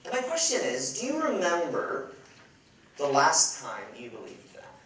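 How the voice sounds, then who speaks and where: A man's voice: fairly high pitch, a little slow, a little hiss or hum. Man telling a funny story in an echoey hall. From Chicago. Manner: lively, self-mocking, playful asides to the audience. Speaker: event speaker. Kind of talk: humorous storytelling talk. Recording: echoey hall, far from the mic.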